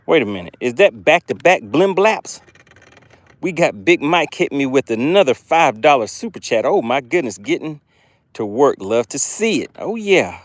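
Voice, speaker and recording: Guy on a fishing live stream out on a boat, chatty, mid pitch, keeps thanking viewers. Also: sing-song, normal speed, no room sound. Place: outdoors on a boat on the water.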